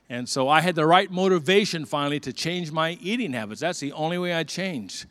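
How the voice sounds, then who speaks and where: An older man preaches in an earnest, conversational way, often restarting his phrases. His voice sits a little higher than most men's. He sounds like a pastor talking plainly to his congregation. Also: fairly bright tone. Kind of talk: sermon.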